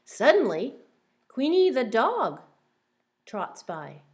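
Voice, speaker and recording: A woman teacher reading a picture book aloud to young children, gently asking them questions along the way. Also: fairly high pitch, very animated, slow pace.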